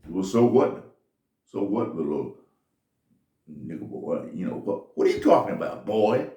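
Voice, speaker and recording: A man voicing scornful wealthy older gentlemen who talk down to a boy. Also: extremely low pitch, a little slow, gravelly, roomy sound, distant mic, full character voice. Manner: dismissive and condescending.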